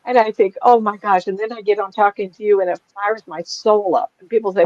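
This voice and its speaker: A woman's voice: mid-range voice, fairly even intonation, brisk, a little mellow, no echo. A woman in her sixties, a psychic medium, talking casually to a small group in a rambling, chatty way that is full of laughs. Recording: dull, lo-fi and dry.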